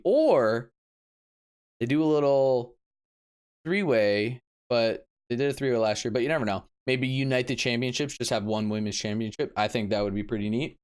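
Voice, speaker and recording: A man giving a casual, excitable recap of a wrestling event as a vlogger, dropping low and then bursting into sudden yelps. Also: clear, resonant tone.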